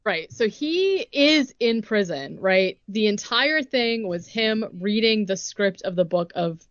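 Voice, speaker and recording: A young woman co-hosts a podcast, recapping a film in a loose, rambling way and acting out bits of dialogue between her fillers. Her voice sits at an ordinary pitch. The recording is dry and a little dull in its highs. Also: lively intonation, takes it slowly, dry recording. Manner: rambling retelling full of "like" and acted-out quotes. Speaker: podcast co-host recapping a movie. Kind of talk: casual chat.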